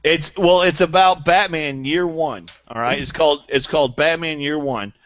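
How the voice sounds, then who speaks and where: A man's voice: a little high, normal speed, dry recording, muffled recording. A man co-hosting a podcast, trading playful, boastful jokes in casual banter. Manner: playful, boastful deadpan bits. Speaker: podcast co-host.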